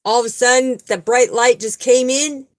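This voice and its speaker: In a rough recording, a woman with a slightly high voice speaks at a normal speed in a steady tone. She's a spiritual vlogger giving an emphatic, earnest, casual spiritual talk with a personal testimony, repeating herself often for emphasis.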